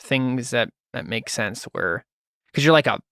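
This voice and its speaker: A man's voice: mid-range voice, animated, a little slow, creaky, a bit bright, no room sound, clean studio sound. Rambling man running a tabletop game. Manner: rambling, hesitant with many fillers. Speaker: game master.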